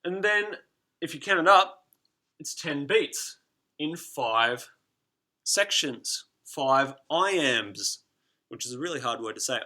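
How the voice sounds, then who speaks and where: A young teacher talks his class through a lesson in a chatty, teasing way, beating out rhythms as he goes. His voice is bright and forward and sits a little high for a man. The delivery is relaxed and friendly throughout. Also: slow pace.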